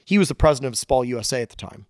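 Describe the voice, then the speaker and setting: A man's voice: medium pitch, expressive, very fast, darkish tone, dry recording, studio quality. A man talking as a podcast guest, a loose storyteller who swears casually. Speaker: guest engineer and shop founder.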